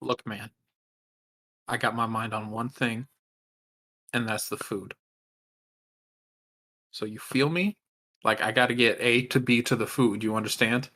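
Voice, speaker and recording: A man's voice: mid-range voice, steady tone, measured pace, long pauses, sharp tone. A man playing a lazy streetwise crow. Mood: laid-back. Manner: slangy, laid-back swagger. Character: lazy freeloading crow, food-obsessed, streetwise.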